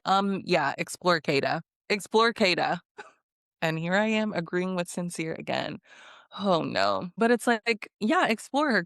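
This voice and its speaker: A woman's voice: on the low side, no echo, studio quality. A woman casually recapping a reality dating show, chatty and snarky, acting out what the contestants said. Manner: snarky, chatty, acts out quotes. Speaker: recap vlogger.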